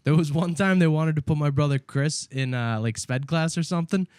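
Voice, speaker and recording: A young man hosting a podcast, telling a story in casual chat, animated and full of laughs. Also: a little high, brisk, clean tone, no echo, studio quality. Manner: animated, laughing, acts out quotes. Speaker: podcast host.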